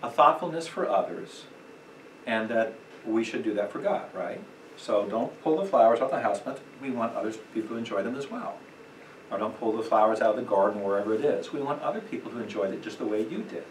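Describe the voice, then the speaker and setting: A man's voice: fairly low pitch, a little fast. A man teaching a church parenting class in an emphatic, conversational way, acting out quotes and chuckling often. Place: church meeting room. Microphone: distant room mic. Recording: echoey room, distant mic, faint noise.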